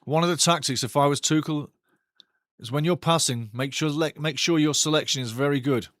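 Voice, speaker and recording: A man hosts a live football watch-along, calling the action and chatting with viewers in a casual, foul-mouthed way. His voice sits a little high for a man, and it is recorded close and dry with no room sound. He gets sharply louder whenever the play heats up. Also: brisk, no room sound. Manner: excitable, blunt and foul-mouthed, swearing freely; bursts louder at big chances. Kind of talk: casual live football commentary and chat reading.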